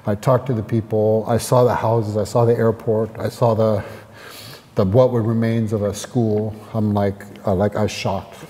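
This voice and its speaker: A man's voice: fairly low pitch, flat delivery, dark tone, big-room sound. An American man talking earnestly as an interview guest, often restarting his sentences. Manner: earnest, halting, with many restarts. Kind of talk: casual interview talk.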